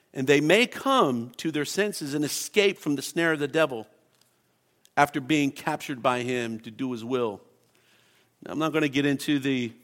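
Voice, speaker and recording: A man's voice: medium pitch, fairly bright tone. A man preaching a sermon as pastor, impassioned and emphatic, reading scripture and pressing his points.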